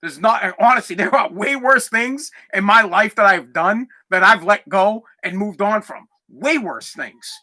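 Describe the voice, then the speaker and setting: A man's voice: high voice, a little slow, hardly any pauses, pushed and bright. A man in his thirties, a podcast host, telling a personal story in a candid, rambling way with a lot of swearing, close to tears.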